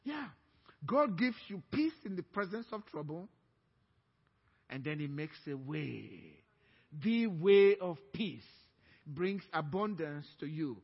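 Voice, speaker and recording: A man's voice: a little high, very animated, slow pace, husky, big-room sound, dull audio. A man preaching as a pastor, with emphatic delivery that draws the congregation in to repeat lines after him. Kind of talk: sermon. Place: church sanctuary.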